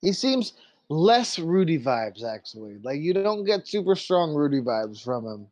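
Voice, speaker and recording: A man's voice: a little high, very animated, unhurried, a little mellow, no room sound. A man narrating as game master of a tabletop game, loose and full of fillers. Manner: loose, filler-heavy, laughing easily.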